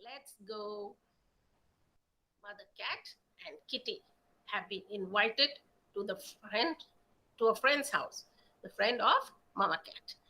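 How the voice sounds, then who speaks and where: A woman telling stories aloud in an expressive, dramatic way. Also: medium pitch, rough recording. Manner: expressive, slow, dramatic storytelling. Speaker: storyteller. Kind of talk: animated oral storytelling.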